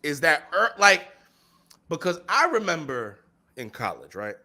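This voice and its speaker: Man, young adult, podcast co-host, casual chat, lively swinging pitch, bright forceful tone, laughs a lot. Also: unhurried. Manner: animated, swears a lot, laughs often.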